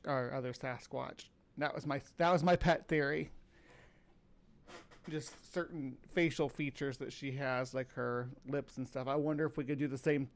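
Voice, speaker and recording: A man hosting a podcast in casual chat, rambling with fillers and restarts and sounding tired. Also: mid-range voice. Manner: rambling, halting, filler-heavy. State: tired, yawning. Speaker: podcast host.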